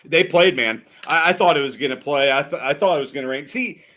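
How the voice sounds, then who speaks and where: A man's voice: a little high, brisk, bright, forceful tone. A man co-hosting a sports podcast, talking casually about betting picks and games with a laid-back, rambling manner. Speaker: podcast co-host.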